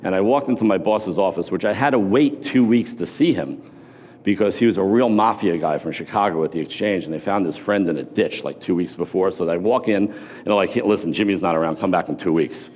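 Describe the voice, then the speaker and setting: A man's voice: low-pitched, a little fast, darkish tone, long reverb tail. A man from New York, a former floor trader, giving a motivational speech in a casual storytelling way, with profanity.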